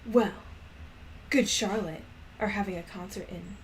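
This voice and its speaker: Woman voicing a quiet teenage boy, flat, low-key, slow, storybook reading. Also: a little hiss or hum, natural voice. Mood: casual.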